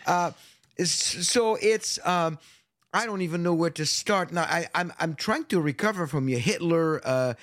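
A middle-aged man appearing as a guest on a radio talk show, chatting casually in an animated, halting way and laughing easily. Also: on the high side, dry recording. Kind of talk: casual interview chat.

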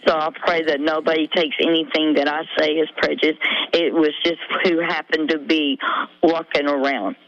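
Halting middle-aged woman caller, lo-fi line. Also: sits low, level tone. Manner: halting, rambling storytelling with many fillers. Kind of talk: emotional call-in confession. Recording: dull lo-fi radio call.

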